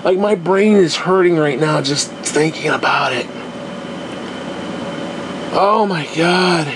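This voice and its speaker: A young man hosts his podcast alone, his voice sitting fairly high for a man. He rambles through a profane, exasperated rant in a loose, casual way. A faint hum runs underneath the recording. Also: slow pace. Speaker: podcast host. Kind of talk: casual ranting monologue.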